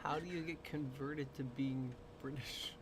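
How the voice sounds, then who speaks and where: Guest with dry joking asides, noisy rumble. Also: fairly even intonation, a little slow. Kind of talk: casual chat.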